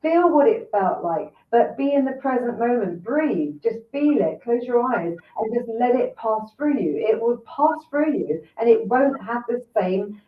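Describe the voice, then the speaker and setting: An older woman talking earnestly about emotions and self-worth, explaining gently. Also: a little high, expressive, unhurried, hardly any pauses, slight background noise. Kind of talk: reflective conversation. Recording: echoey, distant, phone-like line.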